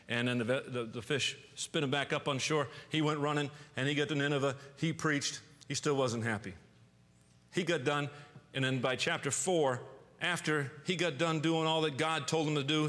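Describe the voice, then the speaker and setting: Guy preaching in a big echoey church, kinda high voice, gets loud acting stuff out, trips over words a bit. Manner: animated, acts out angry quotes with sudden loud outbursts; frequent restarts and repeated words. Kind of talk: sermon. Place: church sanctuary. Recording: long church reverb.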